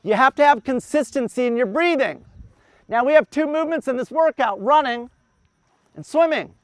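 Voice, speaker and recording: High-voiced man coaching, counting breaths aloud. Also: animated, moderate pace, smooth, dry recording. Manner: explains step by step, counts breaths aloud in rhythm. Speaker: endurance coach. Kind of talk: outdoor coaching talk to a group.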